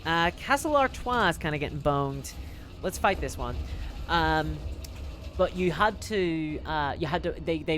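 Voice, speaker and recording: A man streaming a strategy game live, chatting in a rambling, casual way while he plays and reads the chat. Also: fairly high pitch. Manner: lively, rambling, talks while playing. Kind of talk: live gameplay commentary.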